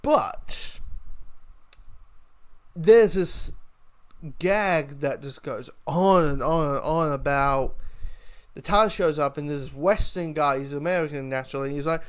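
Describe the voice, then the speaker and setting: Guy rambling through an episode review, kinda high voice, keeps restarting sentences. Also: takes it slowly, long pauses, clear, resonant tone. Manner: rambling, lots of fillers and restarts. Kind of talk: casual spoken review.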